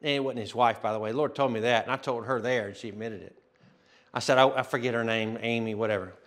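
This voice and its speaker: A man's voice: medium pitch, steady tone, fast, a bit bright. A man pastor telling a testimony in a sermon, acting out dialogue and laughing often. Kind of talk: sermon storytelling.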